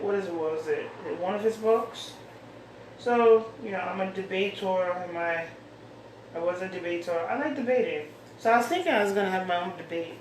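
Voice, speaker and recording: A woman hosting her own show, chatting casually and rambling as she reads out mail she has been sent. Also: medium pitch. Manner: rambling, chatty, thinks aloud. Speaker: host. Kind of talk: casual solo chat, reading out mail. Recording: echoey room, far from mic, faint hiss.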